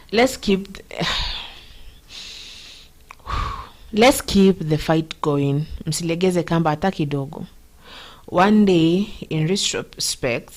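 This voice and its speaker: A woman's voice: low-pitched, darkish tone. A woman with a Kenyan accent hosting a show, giving earnest, rambling political commentary and slipping Swahili slang into her English.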